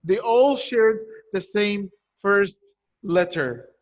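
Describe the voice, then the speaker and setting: A man's voice: high-pitched, drawn-out words, highs cut off. A male teacher giving an online poetry lesson, explaining step by step and asking and answering his own questions. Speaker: primary school teacher.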